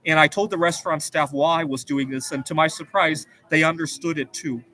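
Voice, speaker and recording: A man with a somewhat high-pitched voice hosts his own show, drifting through a long personal story in an earnest, rambling way. A faint hum of ambience sits under his voice. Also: fairly even intonation, brisk, sharp tone, low-quality recording. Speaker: show host. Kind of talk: casual personal monologue.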